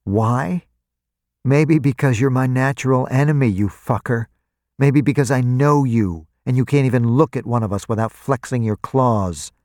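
A man's voice: fairly low pitch, measured pace, warm tone, dry recording, clean studio sound. A man voicing a cornered, defiant male human crew member in a storybook reading, strained and bitter. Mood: furious.

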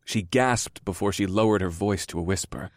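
A man narrating a first-person audiobook in a slow, measured reading. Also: deep voice, no room sound, studio quality.

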